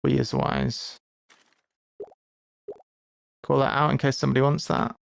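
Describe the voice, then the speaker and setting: Smooth-voiced man streaming a game. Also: medium pitch, fairly even intonation, unhurried. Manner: chatty, thinks aloud while playing; playful asides and mock lectures. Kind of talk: live gameplay commentary.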